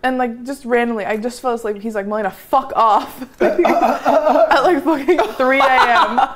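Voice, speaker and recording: Female co-host, playful teasing, slightly high voice, home kitchen stream. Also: steady tone, moderate pace, very noisy. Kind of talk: casual chat.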